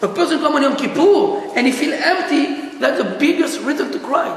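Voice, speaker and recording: A male rabbi teaching a lively class, animated and laughing often as he questions his listeners. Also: very high voice, moderate pace. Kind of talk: lively Torah lesson. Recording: echoey hall.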